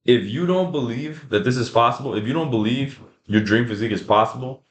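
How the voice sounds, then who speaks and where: A man's voice: mid-range voice, a little fast, hardly any pauses. A young man giving a casual, motivational fitness talk over slides. He repeats himself for emphasis and calls the viewers guys and bro. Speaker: fitness creator. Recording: echoey room.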